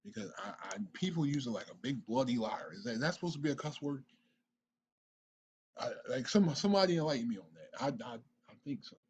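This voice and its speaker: A man hosting a reaction video, talking excitedly, stammering and repeating himself. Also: mid-range voice, brisk, gravelly, lo-fi sound, a little hiss or hum. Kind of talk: casual reaction commentary.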